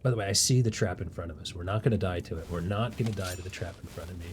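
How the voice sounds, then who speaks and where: A man's voice: low voice, rapid-fire, slight background noise. A man, casually commenting while he plays a game, playful and rambling and laughing at himself. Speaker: game streamer.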